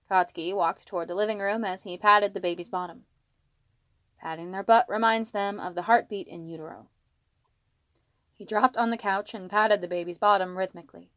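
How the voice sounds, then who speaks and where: A woman narrating a fanfiction story in a steady storytelling read. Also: medium pitch, moderate pace, no room sound. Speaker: fanfiction reader. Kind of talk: audiobook narration.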